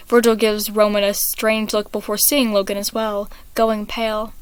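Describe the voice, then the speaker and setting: A woman reading an online fan story aloud, steady and measured. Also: mid-range voice, clear, resonant tone, no room sound. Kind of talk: story read-aloud narration.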